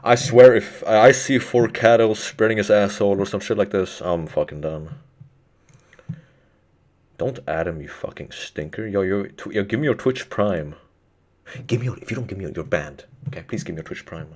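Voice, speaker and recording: A man live-streaming, chatting casually with his viewers, excitable and constantly swearing. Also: lowish voice, normal speed.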